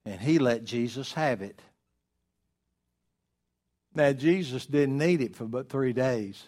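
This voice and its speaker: A male pastor, preaching a sermon emphatically, with rhetorical questions and slowed words for stress. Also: mid-range voice, darkish tone.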